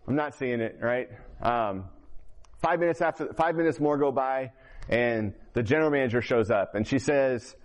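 A man's voice: mid-range voice, normal speed. Candid middle-aged man telling his story. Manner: candid, rambling, with many restarts. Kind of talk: personal testimony.

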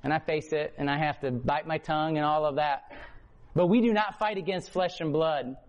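High-voiced man preaching impassioned testimony. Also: moderate pace, muffled recording. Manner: impassioned, swings from low hush to loud emphasis. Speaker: prison ministry preacher. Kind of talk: sermon testimony. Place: hotel or church meeting room before a congregation.

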